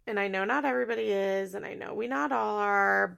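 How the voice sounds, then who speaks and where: A woman's voice: mid-range voice, a little fast, creaky, fairly bright tone, clean tone. A woman hosting a podcast, recapping a reality show in casual chat. She talks in a chatty way, fills her sentences with "like" and laughs often.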